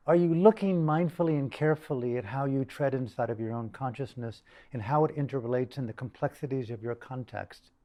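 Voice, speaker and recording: An older man giving a dharma talk to a group, emphatic and deliberate, repeating phrases for stress. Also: medium pitch, dark tone, dull audio. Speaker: dharma teacher.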